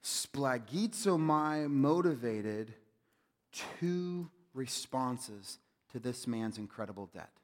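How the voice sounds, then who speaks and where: Preaching man in a reverberant hall. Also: medium pitch. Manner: swings from loud urging to hushed near-whispers. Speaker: pastor. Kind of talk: sermon.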